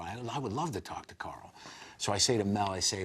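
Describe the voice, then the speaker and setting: A man in his forties with a fairly low voice spins a long anecdote as a talk show guest. He talks fast and animated, slipping into quoted voices as he goes. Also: husky. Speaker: interview guest, comedian. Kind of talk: storytelling in a talk show interview.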